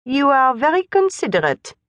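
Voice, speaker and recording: A prim middle-aged governess with a French accent speaks in shrill, halting English, as a woman reading aloud puts her on. Her high voice leaps up and down and sounds formal and stiff, recorded close and dry. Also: sing-song, fairly bright tone, no room sound. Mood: wry.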